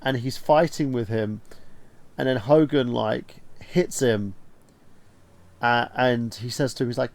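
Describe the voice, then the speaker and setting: A man co-hosting a casual movie talk show, animated and swearing freely as he acts out quotes. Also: medium pitch, unhurried, no room sound. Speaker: podcast co-host.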